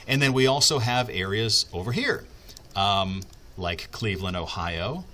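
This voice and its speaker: A man's voice: lowish voice, lively intonation, a little slow, sharp tone, a little hiss or hum. A man working as a TV meteorologist, explaining the weather in a casual, chatty way, with asides and fillers as he thinks aloud.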